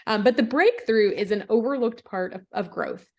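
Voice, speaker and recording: A middle-aged woman, a guest author, telling a personal faith story in a casual podcast chat, reflective, with soft laughs and restarts. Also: on the high side, moderate pace.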